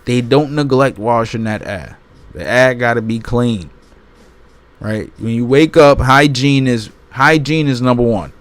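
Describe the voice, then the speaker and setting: A man's voice: mid-range voice, unhurried. A man hosting his channel, reading a book aloud and breaking off into casual, emphatic commentary that repeats points and keeps asking his listeners "right?". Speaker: channel host.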